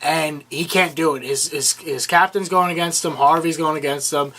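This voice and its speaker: A man co-hosting a podcast, recapping a TV episode in casual chat, cutting in with quick laughs and casual swearing. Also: a little high, bright, forceful tone. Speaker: podcast co-host.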